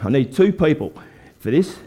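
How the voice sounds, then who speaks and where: An older Australian man preaches a testimony sermon, spinning a folksy faith story for a live church crowd and playing off them with energy. His voice sits on the high side with a breathy edge, moving at a moderate pace, and the recording sounds muffled.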